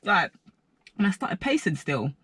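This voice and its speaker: A young man telling a rambling personal story to camera, animated and full of filler words. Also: sits high, measured pace, slightly rough, no room sound. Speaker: vlogger.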